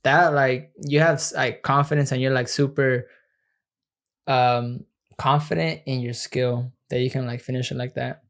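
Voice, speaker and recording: A man in a relaxed podcast conversation, talking in loose slang with plenty of "like" and "dude." He laughs easily and keeps the tone playful and easygoing. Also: mid-range voice, moderate pace. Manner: laid-back, slangy, laughs often, fond of silly impressions. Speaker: podcast co-host. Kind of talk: casual chat.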